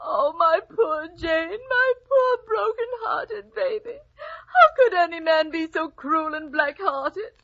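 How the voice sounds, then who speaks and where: An actress playing a fussy, tearful mother of five daughters, in 1940s radio acting with a shrill, sobbing voice, heard on a dull old radio broadcast. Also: very animated, normal speed, few pauses, fairly bright tone. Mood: wailing.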